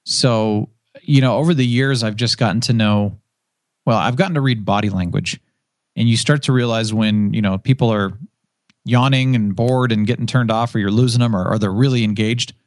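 A man's voice: on the low side, moderate pace, dry recording, studio quality. A man who once worked as a radio DJ, talking casually as a podcast guest and acting out the voices in his stories. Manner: animated storyteller who acts out quoted voices.

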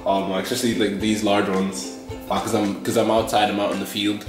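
A man with a low voice and a flat, even delivery talks casually to camera. He pauses often, filling the gaps with ums and restarting his sentences. Later he films in a roomy kitchen while guitar music plays behind him. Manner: hesitant, many ums and restarts. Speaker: vlogger. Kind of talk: casual vlog talk to camera. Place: home kitchen.

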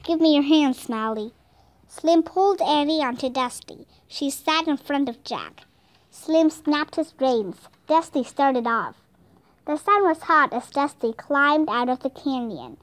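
A woman reading a children's audiobook aloud in a slow, careful way. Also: sits high, expressive, fairly bright tone, no echo. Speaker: audiobook reader.

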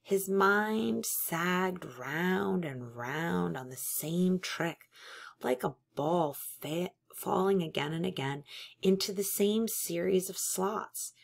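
A woman reading a novel aloud in a measured, steady narration. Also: fairly low pitch, vocal fry. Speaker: audiobook reader.

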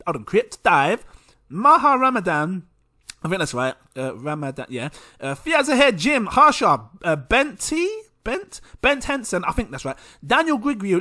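A man's voice: high-pitched, bright, forceful tone. A man hosting a crypto channel, reading out supporters' names in a casual, chatty way, stumbling and laughing at himself. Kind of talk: casual shout-outs to supporters.

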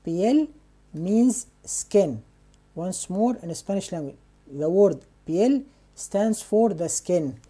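Slow-spoken woman teaching vocabulary. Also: lowish voice, lively intonation, mellow, breathy edge. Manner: repeats each word slowly, asks and answers her own questions. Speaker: Spanish teacher.

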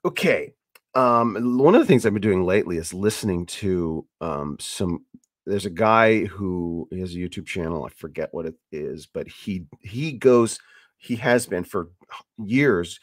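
A man with a fairly low voice hosts a casual Bible teaching podcast. He rambles and restarts often, then punches words out with sudden emphasis. The sound is dry and close. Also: a little slow, no room sound. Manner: animated and rambling, with many restarts and emphatic bursts. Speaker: podcast host.

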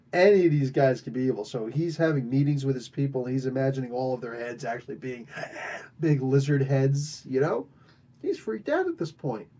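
A man's voice: mid-range voice, animated, normal speed, dark tone, dull audio. A man hosting a podcast, recapping a story in a rambling, playful way with self-corrections.

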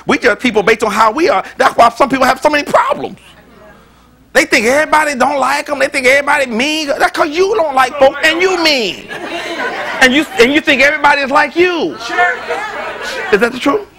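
Animated preaching pastor, man. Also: extremely high pitch. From United States. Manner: animated, swinging from loud exclamations to quiet asides. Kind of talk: sermon.

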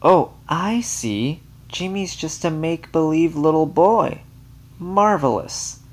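Man doing a gushing girlish woman, high coaxing voice, slow and drawn out. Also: expressive, darkish tone.

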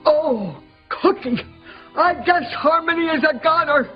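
Brief: giddy theatrical romantic, soap comedy, muffled broadcast with faint music. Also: female voice, high voice, a little slow. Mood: eager. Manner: theatrical, gushing, excitable. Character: giddy melodramatic romantic woman. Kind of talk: soap opera comedy acting. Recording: dull broadcast sound with music.

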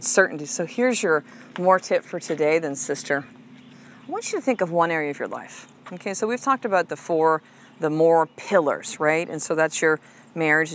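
A woman's voice: on the low side, a bit bright. An upbeat woman life coach talks straight to her listener in a motivational podcast monologue. Her delivery is casual and chatty, full of fillers and tag questions, with blunt emphasis and the occasional swear. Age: adult mother of a six-year-old. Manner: casual, chatty, frequent "like" and "right?", swears freely.

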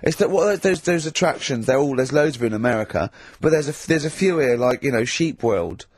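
A man's voice: mid-range voice, lively intonation, brisk. A man hosting a radio show, trading opinionated, teasing banter. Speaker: radio host. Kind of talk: casual radio chat. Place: radio studio.

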